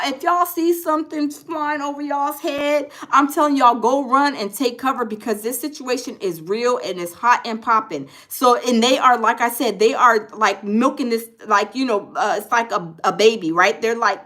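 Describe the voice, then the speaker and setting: Casual woman streamer, high-pitched, emphatic, reads chat comments aloud. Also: a bit bright. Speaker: livestream host.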